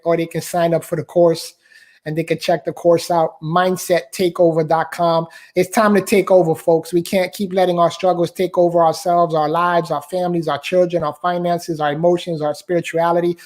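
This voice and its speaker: A man with a fairly high voice tells a personal story as a guest on a live online interview. He talks in a heartfelt way, repeats his phrases and keeps addressing the listener as "man". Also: darkish tone. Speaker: guest author and speaker. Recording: live online talk show.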